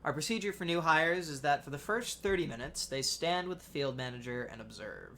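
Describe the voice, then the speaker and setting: A young adult man narrating a personal essay in a measured, wry storytelling manner. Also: on the high side, animated, bright, forceful tone, a little hiss or hum. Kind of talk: reading a personal essay aloud.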